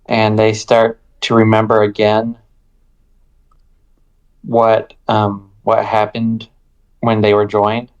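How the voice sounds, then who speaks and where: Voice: mid-range voice, completely flat delivery, slow, long pauses, darkish tone, lo-fi sound. A player describing their character's actions in a tabletop game, hesitant and full of fillers.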